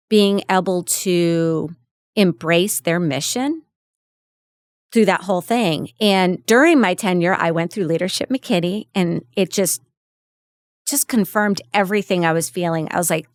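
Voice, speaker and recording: A woman's voice: on the low side, no room sound, clean studio sound. A middle-aged woman from New Hampshire, a podcast guest, chatting enthusiastically in a casual interview. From southern New Hampshire, US. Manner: enthusiastic, talkative, restarts sentences. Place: podcast studio.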